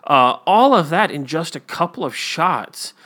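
A man chats casually about a TV episode on a talk show, his voice sitting a touch high. He wanders through his points with plenty of fillers and acts out the lines he quotes. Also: very animated, measured pace, pushed and bright. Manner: rambling storyteller, many fillers, acts out quotes.

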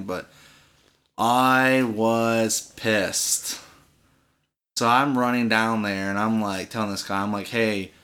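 A man's voice: on the low side, pushed and bright. A man in casual conversation, telling a long story with lots of restarts, fillers and swearing. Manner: rambling, profane storytelling with many restarts. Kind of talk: casual chat.

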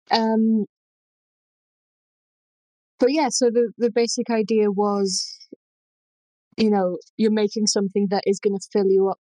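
A woman's voice: mid-range voice, mellow, no room sound, rough recording. Woman with a Lancashire accent, dry close sound. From Lancashire, England. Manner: explanatory, thoughtful, with many ums. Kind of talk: casual chat about food history.

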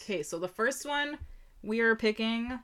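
A woman co-hosting a casual chat, chiming in with quick, wry remarks and some swearing. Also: on the high side, animated, a bit bright, smooth. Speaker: co-host.

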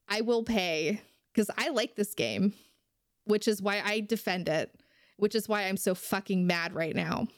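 A woman's voice: medium pitch, no echo, studio quality. Heated woman ranting on a podcast. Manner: heated, ranting, swears freely. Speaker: podcast co-host. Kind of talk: casual podcast chat.

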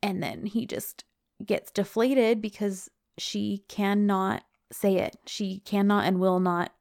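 A woman talks through a television scene in easy, casual podcast chat. She retells it with animation and reads the characters' lines aloud. Her voice sits at an ordinary middle pitch. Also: slow, vocal fry. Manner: animated retelling, reading dialogue quotes aloud. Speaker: podcast co-host recapping a TV episode.

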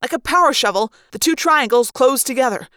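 A woman reading a fan audiobook aloud with expressive storytelling. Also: sits high, brisk, clean tone, dry recording, clean studio sound. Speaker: reader.

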